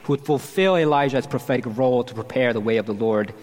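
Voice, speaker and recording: A pastor preaching an expository sermon, explaining scripture verse by verse with emphatic stresses. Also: male voice, mid-range voice, fast, darkish tone, big-room sound.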